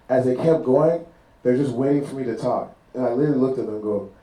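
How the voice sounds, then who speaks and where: A man's voice: mid-range voice, a little fast, recorded from a distance. A man doing a stand-up comedy set at a live venue, telling stories and acting out voices in between. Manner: animated storytelling, acting out characters' voices. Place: live club venue with audience. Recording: roomy live venue sound.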